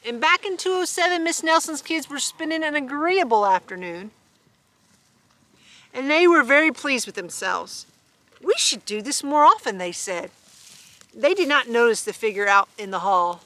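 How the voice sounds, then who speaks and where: A woman reading a children's storybook aloud, animated and chuckling with asides. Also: sits high, moderate pace. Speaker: storybook reader.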